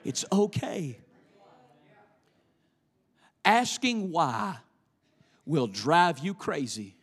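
A male preacher delivering a sermon in a chanting, sing-song cadence that swells into shouts. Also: a little high, big pitch swings, very slow, slightly rough.

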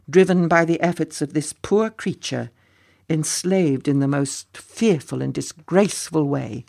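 A man reading a story aloud as narrator in a measured, expressive way. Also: a little high, gravelly.

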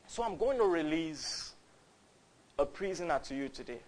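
A man's voice: fairly high pitch, lively intonation, natural voice. A man, voicing a pompous, scheming Roman governor during a sermon. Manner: smug, brisk, exasperated.

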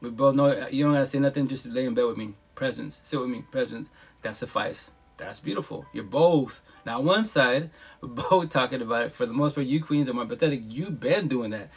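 A man hosts a live podcast stream in a casual monologue, talking a little fast in a slightly rough, mid-range voice. He's blunt and profane and throws in emphatic asides, laughing frequently.

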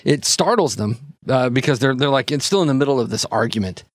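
A man's voice: medium pitch, animated, brisk. A man narrating a tabletop role-playing game as game master, rambling with many fillers.

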